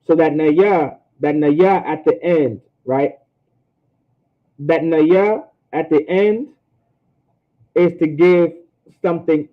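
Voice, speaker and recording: Man teaching over a tinny line. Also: fairly high pitch. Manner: casual teaching, repeats points, sounds out words slowly. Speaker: language teacher. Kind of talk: online language class.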